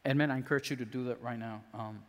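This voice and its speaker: Guy preaching at church, chatty sermon, goes quiet and soft to pray, big echoey hall. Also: mid-range voice, fairly even intonation, fast talker. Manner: conversational preaching with restarts, dropping soft for prayer. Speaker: pastor. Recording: long hall reverb.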